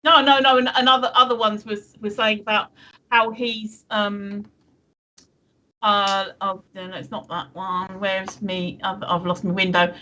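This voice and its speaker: امرأة بريطانية ثرثارة بصوت ساطع. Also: female voice, mid-range voice, steady tone, a little slow, pushed and bright. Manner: rambling, lots of fillers and restarts, laughs often. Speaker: co-host of a live stream chat show. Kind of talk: casual live-stream chat.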